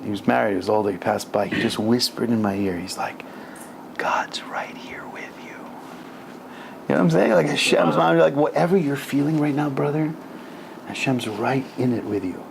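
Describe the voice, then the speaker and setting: A man's voice: mid-range voice, a little fast, vocal fry, noisy background. A man teaching an informal Torah class, talking casually and animatedly with slang and Hebrew terms mixed in. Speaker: rabbi teaching a weekly class. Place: synagogue lower-level room.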